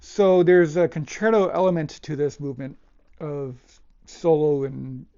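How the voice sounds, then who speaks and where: A man's voice: on the high side, fairly even intonation, unhurried, clean tone. A man giving a casual cello lesson, talking in a thoughtful, hesitant way with fillers and restarts. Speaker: cello teacher. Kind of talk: casual music lesson talk. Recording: dull lo-fi audio with loud cello playing. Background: loud cello music.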